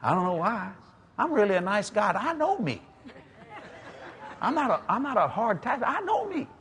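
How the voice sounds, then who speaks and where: A man's voice: high voice, normal speed, a faint crowd. A man with a Cajun accent from South Louisiana, preaching a sermon full of jokes and laughter. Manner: animated, joking storyteller who laughs at his own lines. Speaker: guest preacher. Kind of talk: humorous sermon.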